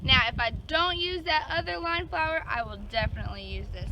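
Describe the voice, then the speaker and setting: High-pitched and a bit creaky, this young Georgia woman talks fairly quickly with lively intonation and a Southern accent. Bubbly and enthusiastic, exclaiming often, she leads a casual floral design lesson outdoors in yards, then at an indoor table, recorded in dull lo-fi sound with outdoor noise.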